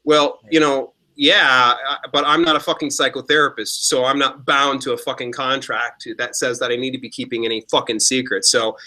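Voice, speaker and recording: Profane, animated male podcast co-host. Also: mid-range voice, a little fast, few pauses. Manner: profane, animated storytelling with mimicked quotes. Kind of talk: casual podcast chat.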